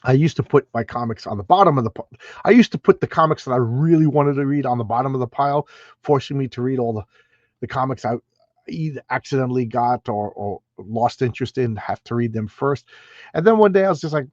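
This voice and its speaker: A man's voice: mid-range voice, a little fast, no echo, lo-fi sound. A man hosting a casual livestream comic review from a room at home, talking in an emphatic, chatty way with frequent restarts. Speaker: comic book channel host.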